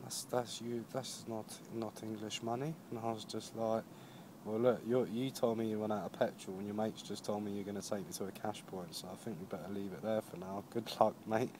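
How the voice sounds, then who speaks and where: A worn-out young man from Jersey rambles through his day on a touring bike, filling the story with "and I was like". His voice sits on the low side. The outdoor camera recording carries a steady noisy hiss behind him. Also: fairly quick. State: tired after a long ride. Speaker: touring cyclist vlogger. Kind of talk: casual spoken video diary. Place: outdoors at a roadside camp.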